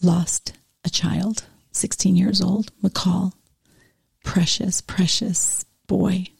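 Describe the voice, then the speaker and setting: A middle-aged woman speaking softly and slowly with emotion as a guest in a heartfelt conversation. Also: lowish voice, steady tone, creaky, husky, dry recording, clean studio sound. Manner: soft, slow, emotional.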